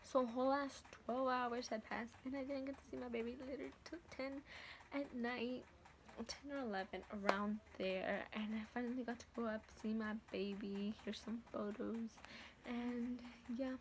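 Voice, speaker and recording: A woman's voice: fairly high pitch, steady tone, moderate pace, background noise. A teenage woman vlogger telling a casual story from home, blunt and profane with lots of slang. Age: teens.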